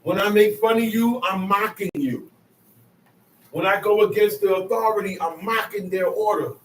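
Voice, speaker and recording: Recorded from a distance in an echoey room with slight background noise, a man with a high-sitting voice speaks at normal speed. He's a Bible teacher explaining scripture emphatically and conversationally, frequently repeating his phrases.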